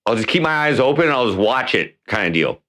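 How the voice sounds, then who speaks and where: A man's voice: mid-range voice, sing-song, fast, a bit bright. A man hosting a casual livestream from home, rambling and profane, with many restarts. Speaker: livestream host; mayoral candidate.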